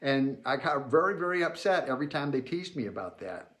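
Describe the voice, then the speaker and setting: Brief: plainspoken man from the US South recounting childhood memories, reflective, mid-pitched. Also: sing-song, brisk, fairly bright tone. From Georgia, US South. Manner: reflective, plainspoken, homey asides like "you know". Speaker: memoir storyteller. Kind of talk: spoken personal memoir.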